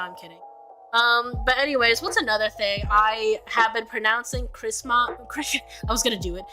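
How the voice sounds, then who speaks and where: A woman's voice: a little high, bright, forceful tone. A young adult woman streaming, casually chatting and reading viewer comments, self-mocking with many restarts. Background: music playing.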